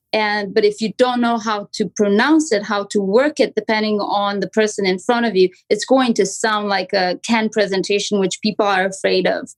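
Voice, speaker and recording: A woman guest on a podcast, a real estate agent talking casually and acting out phone calls with lively intonation. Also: mid-range voice, poor audio. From Canada. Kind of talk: casual interview talk.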